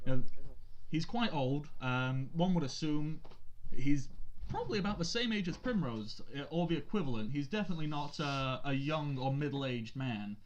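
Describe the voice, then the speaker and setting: Male game master narrating a tabletop stream, relaxed and filler-heavy, over slightly muffled audio. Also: fairly high pitch, moderate pace.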